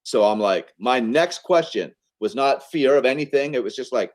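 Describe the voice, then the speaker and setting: A man in an interview, casually telling a business story in an animated, conversational way, often checking in with "okay?" and "right?". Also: medium pitch, normal speed. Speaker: podcast guest, entrepreneur.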